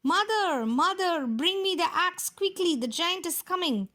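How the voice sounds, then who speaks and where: Jack, a woman doing an urgent shouting boy. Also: extremely high pitch, animated, unhurried, voice pushed up, exaggerated voice. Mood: panicked. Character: frightened young boy, Jack.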